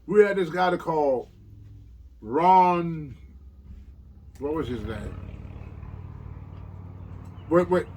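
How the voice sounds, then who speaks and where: In an interview, a former wrestler, now older, tells loose, laugh-filled stories and performs the lines he quotes. He speaks on the high side with lively intonation, drawing out words and pausing often; his tone is a little mellow, with slight background noise.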